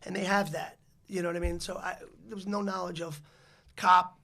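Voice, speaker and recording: A man's voice: high-pitched, little pitch movement, brisk, sharp tone. A man, a podcast guest telling a long story in a rambling way, with many restarts and fillers. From the Bronx, New York City. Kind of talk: casual storytelling interview.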